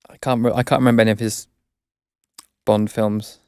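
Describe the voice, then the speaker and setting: A young English man with an English accent, chatting casually as a guest, hesitant and self-correcting, quick to laugh. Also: on the low side, little pitch movement, darkish tone, clean tone, no echo, clean studio sound. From England. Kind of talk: casual chat.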